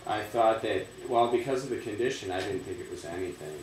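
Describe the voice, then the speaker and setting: A man's voice: fairly low pitch, fairly quick, far from the mic, slight background noise. A man joining his wife's casual home video show, making plain, matter-of-fact remarks. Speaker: co-host, husband. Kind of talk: casual chat. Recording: echoey room, away from the mic.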